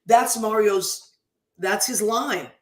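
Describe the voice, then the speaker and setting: A chatty, effusive woman hosts a radio show and sends warm shout-outs to listeners. Her voice sits at a middling pitch. The room around her is roomy and echoey. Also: takes it slowly. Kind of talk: casual radio chat.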